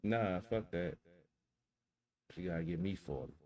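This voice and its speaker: A man's voice: low-pitched, expressive, unhurried, crowd noise. A man co-hosting a casual podcast, talking in a laid-back, joking way. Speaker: co-host.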